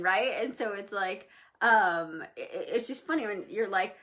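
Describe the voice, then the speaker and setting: A woman co-hosting a live video chat, talking casually with quick asides and "um"s. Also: medium pitch, animated, a bit bright. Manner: chatty, quick asides, fillers like "um". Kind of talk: casual live-stream talk.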